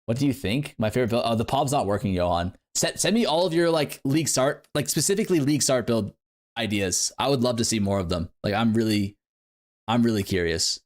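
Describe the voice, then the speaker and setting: A young man streams games and chats with his viewers, his mid-range voice fairly quick and lively in intonation. The talk is casual, playful and rambling, with many fillers.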